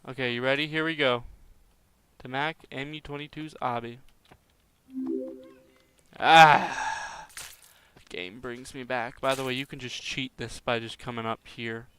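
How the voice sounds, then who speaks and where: A man's voice: medium pitch, little pitch movement, moderate pace, pushed and bright, smooth. A young man giving casual, rambling commentary as he plays a game, often sounding exasperated. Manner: rambling, exasperated, chatty asides. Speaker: gaming YouTuber.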